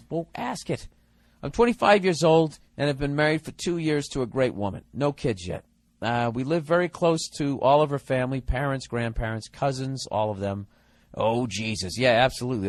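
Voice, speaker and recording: A man hosting a podcast, reading out listener mail and ranting in a profane, mocking way, sometimes dropping to a mutter. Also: mid-range voice. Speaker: podcast host. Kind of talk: casual rambling monologue.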